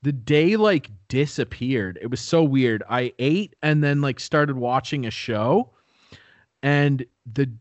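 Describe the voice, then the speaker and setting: A man's voice: mid-range voice, animated, takes it slowly, no echo. A young man co-hosting a podcast, rambling through a story in casual chat. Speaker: podcast co-host.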